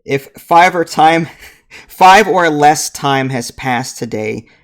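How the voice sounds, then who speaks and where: A man reading a storybook board game aloud in a relaxed way, with dry self-mocking asides. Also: fairly high pitch, takes it slowly. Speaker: game host reading to a partner.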